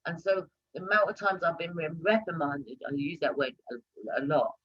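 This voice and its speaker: A woman hosting a live talk stream, talking casually and turning loud and animated when she presses a point. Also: sits low, moderate pace, breathy edge, lo-fi sound. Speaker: host of a live talk show.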